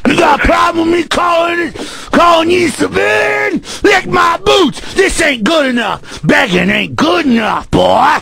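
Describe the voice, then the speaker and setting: A man doing a sneering bully cop, shouting. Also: very high-pitched, gravelly, heavily acted. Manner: shouting, taunting, cackling. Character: brutal power-mad male cop, sneering bully.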